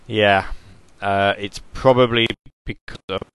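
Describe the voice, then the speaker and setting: A man's voice: lowish voice, fairly even intonation, unhurried, a bit bright, clean tone. A man hosting an online radio stream and podcast, talking casually in a rambling, self-interrupting way. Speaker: podcast host.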